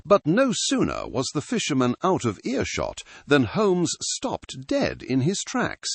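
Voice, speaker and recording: A man giving measured, literary storytelling as a scripted narration. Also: a little high, huge pitch swings, gravelly, slightly rough, no room sound.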